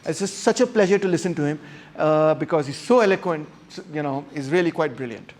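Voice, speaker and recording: Animated man lecturing without a microphone. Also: fairly high pitch, brisk. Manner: animated and emphatic, acting out intonation examples. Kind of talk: classroom lecture. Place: classroom. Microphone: no microphone, unamplified voice.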